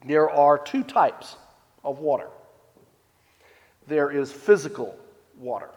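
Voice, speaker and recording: A man's voice: a little high, expressive, slow, darkish tone. Man preaching in a reverberant hall. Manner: conversational storytelling, paraphrasing scripture. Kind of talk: sermon.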